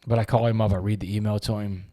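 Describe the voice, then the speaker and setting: A middle-aged man, a podcast guest, telling an emotional story in an earnest, halting way and often repeating words when moved. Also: on the low side, flat delivery, mellow.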